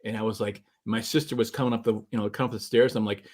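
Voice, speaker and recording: A man's voice: lowish voice, fairly even intonation, racing, darkish tone. Rambling man in easygoing chat. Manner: rambling, restarts, laughs often. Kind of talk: casual chat, storytelling.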